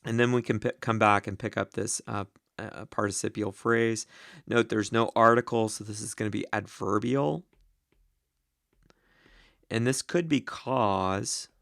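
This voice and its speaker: Male teacher, low gravelly voice, slow halting lecture full of ums and uhs, dry close sound. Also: fairly even intonation, a bit bright, dry recording. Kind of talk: lecture on Greek grammar of a Bible text.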